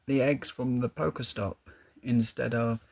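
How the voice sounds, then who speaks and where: A man talks casually to his stream audience, drifting from one thought to the next with easy laughter. His delivery is slow and unhurried, and his voice has a gravelly, creaky edge. It sits at an ordinary middle pitch for a man. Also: fairly even intonation, a little mellow. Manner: chatty, rambling, laughs often. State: out of breath.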